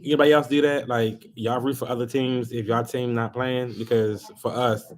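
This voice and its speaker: A Baltimore man rants on a live stream in a medium-pitched voice at a moderate pace. It's casual chat, animated and exasperated, aimed at his viewers.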